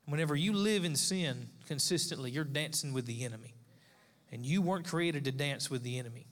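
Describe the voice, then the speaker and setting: A man's voice: on the high side, fairly quick. A male pastor, likely in his thirties, preaching a sermon with emphatic, repeated phrases. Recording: long echo of a large hall.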